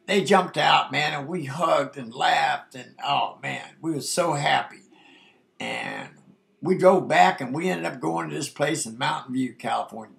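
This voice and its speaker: A man's voice: on the high side, a bit bright. An older man telling a rambling, folksy story from his past, dropping "man" into nearly every sentence. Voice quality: gravelly. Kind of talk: casual spoken memoir.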